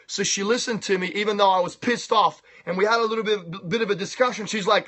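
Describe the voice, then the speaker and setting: An Australian man talking on a phone live stream in a loud, boastful, profane, hyped-up way. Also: high voice, fairly even intonation, quick pace, hardly any pauses.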